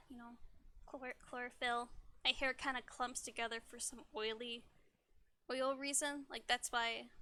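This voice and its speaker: High, bright-voiced giggly woman streamer. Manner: bubbly, chatty, giggly, stumbles over words. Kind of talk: casual livestream chat.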